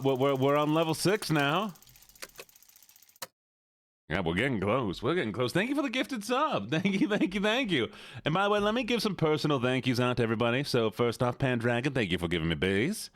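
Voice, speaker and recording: Man, streamer, casual chat, playful, lively intonation, dry sound. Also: medium pitch, no echo. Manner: playful, laughs often, thanks viewers.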